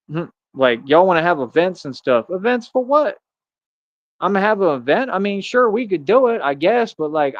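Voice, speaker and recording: A man's voice: high voice, dry recording. Man ranting on a lo-fi stream. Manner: rambling, repetitive, full of "bro" and "man". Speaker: livestreamer. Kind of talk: casual monologue rant. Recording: dull lo-fi stream audio.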